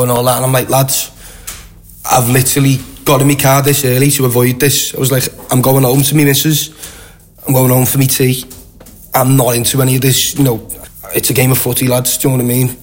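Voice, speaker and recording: A young man with a Liverpool accent, a guest telling a long, animated anecdote with lots of quoted voices. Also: mid-range voice, fairly quick. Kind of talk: casual storytelling.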